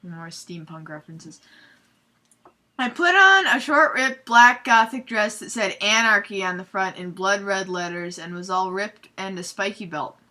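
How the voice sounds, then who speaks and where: A young woman hosting a comedic fanfiction readthrough, reading aloud with sarcastic, giggly, deadpan asides. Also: medium pitch, unhurried.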